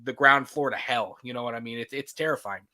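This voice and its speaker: A young man co-hosting a movie podcast in casual chat, excitable and laughing often as he acts out scenes. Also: medium pitch, fast talker, crowd noise. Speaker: podcast co-host.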